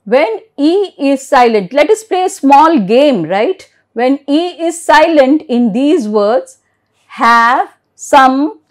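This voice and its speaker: A woman from India teaching an online English lesson, spelling words letter by letter and often checking in with "okay?". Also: high-pitched.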